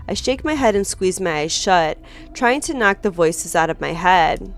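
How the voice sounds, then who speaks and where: A woman streamer reading a visual novel aloud with dramatic, expressive narration, breaking in with her own reactions. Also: fairly low pitch, normal speed, faint music behind. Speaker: game streamer.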